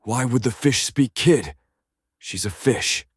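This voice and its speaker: A woman voicing a calm, patient talking tree in a children's storybook read-aloud, speaking slowly and explaining things. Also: a bass voice, husky, dry recording, clean studio sound, pitched below the performer's own voice, exaggerated voice. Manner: slow, measured and explaining.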